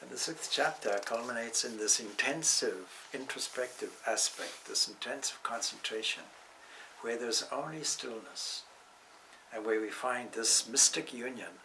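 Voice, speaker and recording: A man giving a measured, reflective spiritual talk on scripture, with touches of gentle humor. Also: mid-range voice, far from the mic, a little hiss or hum, rough recording. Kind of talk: spiritual discourse.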